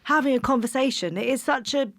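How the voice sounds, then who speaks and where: A woman hosting a podcast in a casual conversation, supportive and quick to laugh. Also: high-pitched. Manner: supportive, laughs easily, unhurried. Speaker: podcast host.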